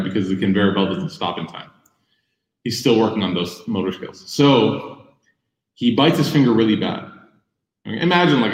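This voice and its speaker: A young man giving a sermon, telling personal stories lively and acting out the voices in quotes. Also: fairly low pitch. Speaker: Muslim speaker giving a talk. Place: room with audience. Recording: echoey room.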